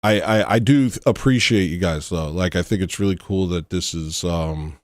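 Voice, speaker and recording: Male livestream host, lowish voice, close dry mic, sarcastic and weary. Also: moderate pace, dry recording. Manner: sarcastic, exasperated, mocking. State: tired. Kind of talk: casual livestream talk.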